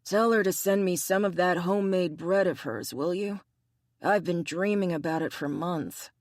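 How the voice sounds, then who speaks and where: A woman voicing a weary middle-aged official speaking in a measured, earnest way. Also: lowish voice, a little mellow, dry recording, close to an everyday voice. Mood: warm. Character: weary senior official, fatherly cousin.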